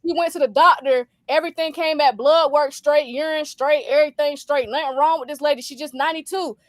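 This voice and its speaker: A woman co-hosting a casual livestream chat, telling stories in an animated way and acting out quotes. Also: sits high, brisk, no room sound, studio quality. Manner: animated storytelling with laughs and acted quotes. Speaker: podcast co-host.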